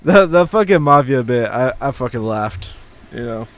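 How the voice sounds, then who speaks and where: A man's voice: mid-range voice, lively intonation, moderate pace, no echo. A man hosting a casual podcast, joking crudely with friends. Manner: joking, profane, playful noises. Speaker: podcast host. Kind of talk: casual chat.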